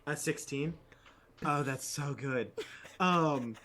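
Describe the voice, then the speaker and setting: A man's voice: medium pitch, takes it slowly, a bit bright, a little hiss or hum. A man narrating a tabletop game as game master, with a rambling way of talking full of fillers.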